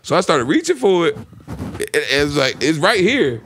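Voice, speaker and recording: Animated young man telling a wild story. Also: fairly high pitch, normal speed, slight background noise. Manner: animated storyteller acting out his own reactions. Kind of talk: casual chat.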